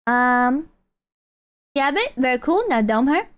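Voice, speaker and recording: Sarcastic high-voiced woman streamer. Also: big pitch swings, takes it slowly, dull audio. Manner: sarcastic, rambling, mock-insulting. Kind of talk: casual gameplay commentary. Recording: clear background noise.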